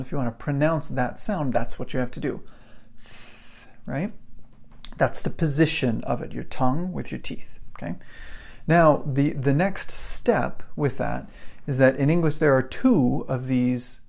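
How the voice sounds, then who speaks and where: A man's voice: mid-range voice, measured pace, gravelly, a little mellow. A man teaching English pronunciation to camera, explaining patiently and checking in with the viewer again and again. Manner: explains patiently, keeps checking with "right?" and "okay?". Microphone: microphone in front of him.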